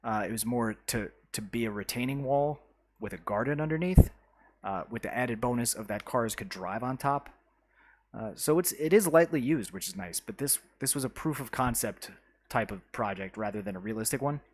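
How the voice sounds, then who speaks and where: A man chatting live to his viewers while showing off his city-building game, talking in a relaxed, halting way full of "uh"s and restarts. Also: mid-range voice. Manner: greets chat viewers by name. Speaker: live streamer.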